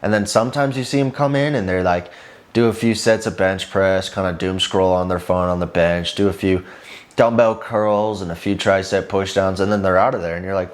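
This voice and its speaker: A man's voice: deep voice, normal speed. A young man vlogging casually, talking with intense drive, swearing often and rambling with lots of fillers. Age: young adult. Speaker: fitness vlogger. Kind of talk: casual motivational talk to camera.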